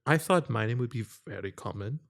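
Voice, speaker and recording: Gravelly young man, laughing storyteller. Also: mid-range voice, animated, brisk. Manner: laughs often, tells stories with quoted voices. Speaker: podcast host. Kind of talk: casual chat.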